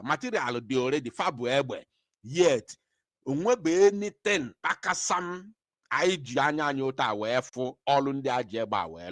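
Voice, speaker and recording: Fiery man, lively pitch. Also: dry recording, clean studio sound. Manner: fiery, emphatic, mixes Igbo and English. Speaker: political commentator. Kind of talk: impassioned commentary.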